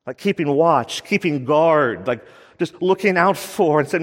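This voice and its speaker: A man's voice: a little high, expressive, a little slow, in a large hall. A man preaching a sermon as pastor, emphatic and repeating his key lines for stress.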